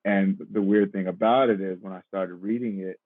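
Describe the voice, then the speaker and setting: A man's voice: sits low, fairly even intonation, moderate pace, no room sound, narrow, tinny audio. A man in his thirties, an actor and podcast guest, talking casually and reflectively, laughing easily. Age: 30s. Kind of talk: casual interview chat.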